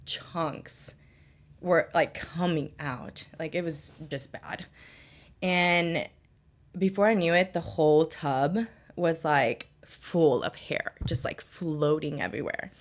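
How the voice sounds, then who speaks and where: Candid young woman, lower voice, "like" fillers. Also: slow. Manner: candid, heavy use of "like" fillers. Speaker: podcast guest. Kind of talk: personal storytelling in conversation.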